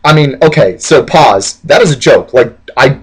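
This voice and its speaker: Rambling, profane guy with a lively voice. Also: medium pitch, moderate pace, breathy edge, rough recording. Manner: rambling, profane, heavy use of "like". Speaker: comedic history vlogger. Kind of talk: casual comedic storytelling.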